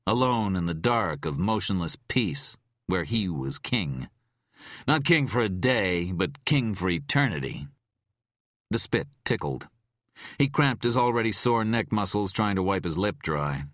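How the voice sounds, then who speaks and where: A man narrating a thriller audiobook in a measured, expressive read. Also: on the low side, dry recording, clean studio sound. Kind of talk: scripted narration.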